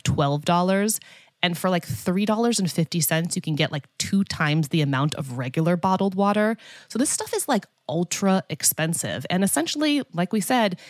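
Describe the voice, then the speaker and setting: A woman's voice: fairly low pitch, no room sound, clean studio sound. A woman co-hosting a podcast as a dietitian, chatting casually and leaning on "like" a lot. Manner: chatty, lots of filler "like".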